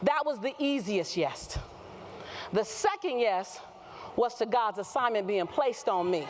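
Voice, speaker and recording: A woman motivational speaker giving a keynote on stage, using call-and-response with the audience and shouting at the peaks. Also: fairly high pitch, very animated, moderate pace, background noise. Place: conference hall with a live audience.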